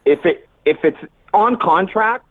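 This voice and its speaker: A man telling a story as a boxer guest in a casual interview, animated and swearing freely. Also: high-pitched, unhurried, no echo. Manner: animated, swears, acts out quotes. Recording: tinny phone-like line, dry.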